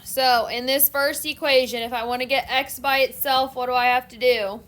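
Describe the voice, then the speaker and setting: A woman math teacher giving a classroom lecture, explaining steps in a steady, methodical way. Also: high voice, normal speed.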